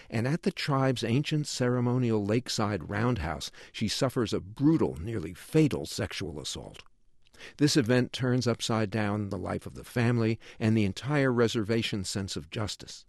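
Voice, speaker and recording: A man reading a scripted book review for a radio program in a measured, even way. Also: fairly low pitch, vocal fry, dry recording, clean studio sound. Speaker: book critic.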